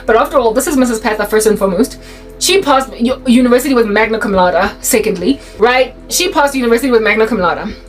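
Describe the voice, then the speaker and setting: A young South African woman telling a personal story in a casual, animated way, slipping in Sesotho phrases as she goes. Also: fairly high pitch, fast talker, faint music behind, poor audio. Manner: animated, mixes in Sesotho phrases, restarts often.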